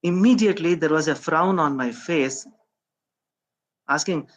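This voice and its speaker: Guy giving a talk, kinda high voice, lots of uh and um, asks himself questions. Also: measured pace, poor audio. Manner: reflective, rhetorical questions, frequent hesitations. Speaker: speaker at a science outreach event. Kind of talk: conference talk.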